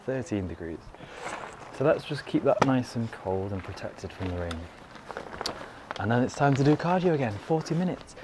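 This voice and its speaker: A young man vlogs casually to the camera from a garden, a fitness creator rambling along with plenty of "you know" asides. His voice sits at medium pitch and sounds expressive, moving at a normal speed over background noise.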